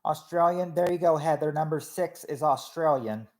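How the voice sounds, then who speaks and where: A man with a fairly high, darkish voice speaks at a normal speed while casually hosting a family game show on a livestream. He chats away, reading viewers' names and answers from the chat, and keeps starting over hesitantly.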